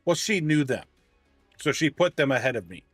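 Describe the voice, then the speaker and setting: A man casually telling a long story on a livestream, ranting and animated, often restarting his sentences. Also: mid-range voice, normal speed, no room sound, soft background music.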